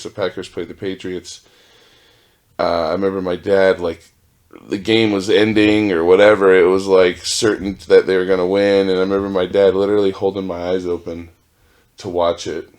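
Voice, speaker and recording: Deep-voiced rambling profane man. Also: darkish tone. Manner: rambling, profane, self-interrupting. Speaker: podcast host. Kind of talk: casual solo storytelling. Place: home with dogs.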